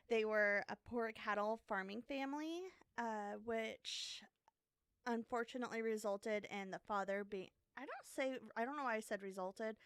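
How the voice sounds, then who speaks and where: A woman's voice: a little high, a bit bright, clear, resonant tone, dry recording, studio quality. A woman co-hosting a podcast, casually telling a true crime story with lots of fillers and self-deprecating asides. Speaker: podcast co-host.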